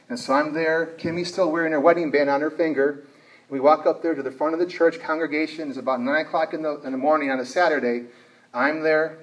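A man tells a personal story to a live audience, stopping often to ask the room questions. His voice sits a little high for a man. The mic is some way off, so he sounds distant. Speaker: speaker on addiction. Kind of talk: motivational talk to an audience.

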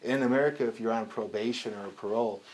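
A man teaching a recovery group in a casual, animated way, acting out bits of dialogue and swearing now and then. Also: on the low side, fast talker. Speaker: recovery class instructor.

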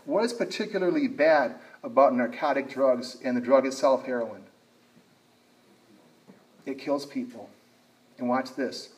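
A man's voice: medium pitch, distant mic, rough recording. A man giving a motivational talk about addiction to a live audience, telling a personal story and asking the crowd questions. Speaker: speaker on addiction.

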